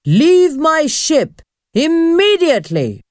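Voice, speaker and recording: A woman voicing an angry male Viking ghost captain who speaks slowly and loudly with threats. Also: sing-song, dry recording, studio quality, exaggerated voice. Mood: angry, commanding. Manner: slow, booming, threatening.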